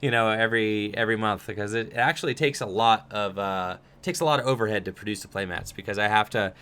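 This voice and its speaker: A man's voice: fairly low pitch, fast talker, pushed and bright, clear, resonant tone. A young man hosting a livestream Q&A, reading viewer questions aloud and answering casually with lots of fillers. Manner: chatty, reads chat questions aloud, many fillers.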